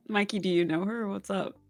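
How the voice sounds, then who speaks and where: A woman's voice: medium pitch, steady tone, measured pace, mellow, faint music behind. A woman playing in a tabletop game, teasing and laughing often. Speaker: player. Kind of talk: casual role-play banter.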